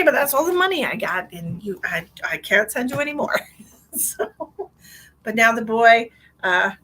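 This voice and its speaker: A woman's voice: medium pitch, creaky, pushed and bright, a little hiss or hum. A middle-aged woman hosting a live stream as a psychic medium, chatting in a rambling, bubbly way and laughing often. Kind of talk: casual live-stream chat.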